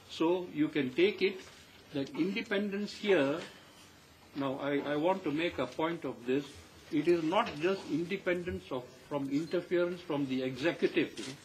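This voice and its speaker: An older man with a Malaysian English accent, giving a measured, emphatic statement to the press and repeating his key points. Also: on the high side, a little hiss or hum, low-quality recording. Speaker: panel member addressing the press.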